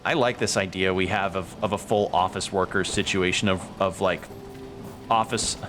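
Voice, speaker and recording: A man's voice: low-pitched, fairly even intonation, moderate pace, a bit bright. A man streaming a game, chatting casually and rambling while he improvises comedy bits aloud. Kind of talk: casual gameplay chat. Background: faint game music.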